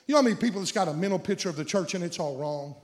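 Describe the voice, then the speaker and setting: A man with a high voice preaches a sermon in a sanctuary with a long reverb trailing each phrase. He questions the congregation directly and builds his lines up into shouts at the climaxes. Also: animated, rapid-fire. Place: church sanctuary.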